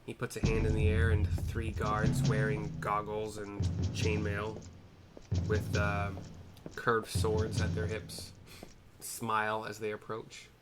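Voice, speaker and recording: A man's voice: fairly low pitch, completely flat delivery, slow pace, loud music behind the voice. Chatty man narrating a game. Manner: chatty and rambling, self-correcting. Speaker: gameplay narrator. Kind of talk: casual playthrough narration with audio description.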